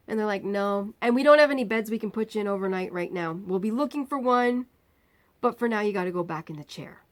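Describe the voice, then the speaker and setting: A woman vlogger telling a personal story, acting out the people in it with lively, rising outbursts. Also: medium pitch, fairly quick. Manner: animated retelling, acting out quoted lines.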